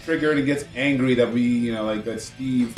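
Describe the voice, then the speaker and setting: A man's voice: medium pitch, moderate pace. A man from California co-hosting a casual gaming stream, rambling and swearing as he talks. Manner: rambling, animated, swears a lot. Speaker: streamer co-host. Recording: echoey room, mic at a distance, music behind.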